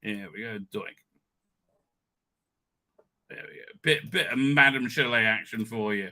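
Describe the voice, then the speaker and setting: A man rambles tiredly through a casual livestream as its host, chatty and digressive, with many asides, restarts and "right?" tags. His mid-range voice is sing-song, pushed and bright, unhurried and with frequent pauses.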